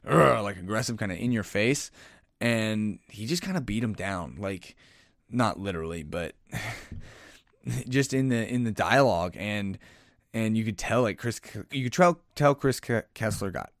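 A man's voice: lowish voice, animated, unhurried, dry recording, clean studio sound. A man hosting a podcast, giving a casual solo commentary that rambles, with sighs, restarts and self-corrections. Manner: says he is aggressive and in your face. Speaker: podcast host.

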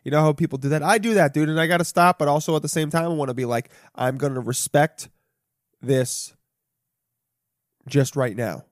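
A young man hosting a solo podcast, chatting casually and profanely, jumping between loud bursts and muttered asides. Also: fairly high pitch, normal speed, no echo, studio quality. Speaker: podcast host. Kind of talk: rambling solo podcast chat.

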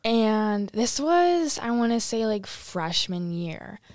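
A young woman chatting as a podcast guest, telling a story with lively acted-out quotes. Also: mid-range voice, slow, no room sound, clean studio sound. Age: young adult. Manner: animated storyteller, acts out quotes. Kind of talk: casual chat.

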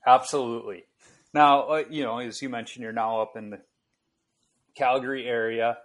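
A man's voice: medium pitch, moderate pace. Podcast host, man from Chicago, easygoing and conversational. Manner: conversational, relaxed storytelling. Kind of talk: casual interview chat.

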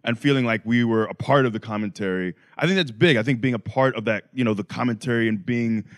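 Mid-pitched male co-host, reflective and talkative. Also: quick pace. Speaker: podcast co-host. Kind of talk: casual chat.

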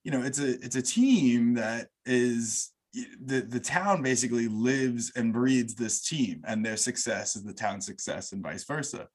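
A man's voice: medium pitch, animated, a little slow, hardly any pauses, slightly rough. A man with a New York accent hosting a casual podcast interview, effusive and welcoming toward his guest. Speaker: podcast host.

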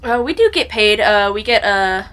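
A woman's voice: mid-range voice, lively intonation, moderate pace, a bit bright, smooth. A woman playing a tabletop game, talking in a hesitant way with many fillers. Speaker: player. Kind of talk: tabletop game play, in character.

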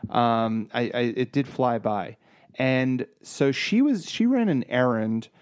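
A man's voice: mid-range voice, lively intonation, slow pace, smooth. A man in his thirties casually telling a story, acting out voices, swearing and using many fillers. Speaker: podcast guest telling a story. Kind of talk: casual chat.

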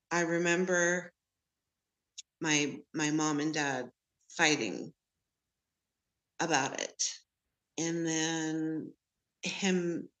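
A woman with a lowish voice recounts her story slowly and openly. She takes her time and lets the odd laugh slip in as she talks with an interviewer over a remote connection. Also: fairly bright tone. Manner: candid, unhurried storytelling with laughs. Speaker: podcast guest, medium.

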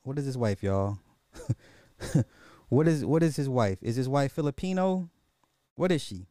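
A man's voice: medium pitch, expressive, measured pace, dark tone, no room sound, clean studio sound. A man hosting a casual social commentary podcast, repeating rhetorical questions in a mocking tone and chuckling now and then. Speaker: podcast host.

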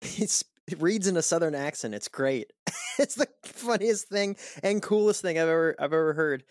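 A man's voice: a little high, animated, moderate pace, dry recording, studio quality. A man co-hosting a podcast in casual chat, playful and laughing a lot. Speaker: podcast co-host.

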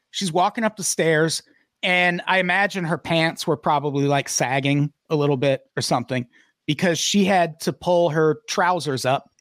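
A man's voice: on the high side, dry recording, clean studio sound. Profane, sarcastic male podcast host. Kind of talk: casual podcast banter.

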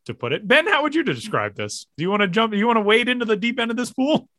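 A man's voice: extremely high pitch, fast talker, no echo. A young adult man hosting a podcast in casual chat, joking and laughing often. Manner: jokey, animated, laughs often. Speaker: podcast host. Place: home studio in Denver.

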